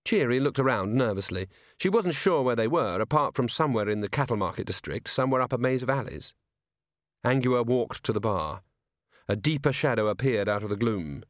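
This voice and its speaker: A man reads a novel aloud as audiobook narrator, measured and clear. His voice sits in a middle pitch. The recording is dry and close, with no room sound. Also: expressive, dry recording. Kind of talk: scripted narration.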